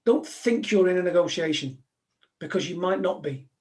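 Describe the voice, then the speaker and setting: A man's voice: sits high, lively intonation, normal speed, a little mellow. A man, a former police negotiator, giving a live talk to an audience in a direct, conversational way, full of anecdotes.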